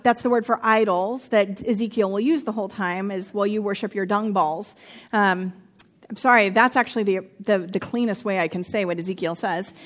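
A woman in her thirties with a high, light voice gives a conversational Bible teaching. She keeps it chatty and wry, slipping in personal asides and jokes between the verses.

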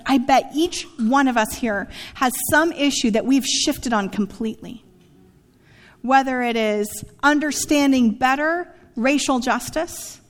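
High-voiced woman preaching in a hall. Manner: conversational preaching, frequent "right?" asides. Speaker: pastor. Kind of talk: sermon.

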